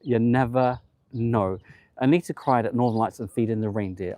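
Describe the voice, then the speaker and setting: A man's voice: mid-range voice, moderate pace, mellow, no room sound. A man hosting a live travel stream outdoors on a promenade, gushing and chatty, reading viewer comments aloud. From United Kingdom. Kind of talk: casual live-stream chat.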